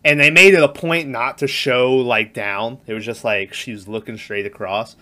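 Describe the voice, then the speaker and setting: A man's voice: mid-range voice, normal speed. A man in casual podcast chat about horror films, telling stories animatedly and acting out the lines he quotes. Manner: animated storyteller, acts out quotes with laughs.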